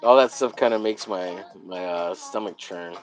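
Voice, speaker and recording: A man's voice: low-pitched, moderate pace, soft background music, rough recording. Profane rambling male streamer. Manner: profane, rambling, laughs at his own jokes. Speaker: streamer hosting a drawing stream. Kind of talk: casual live-stream rambling.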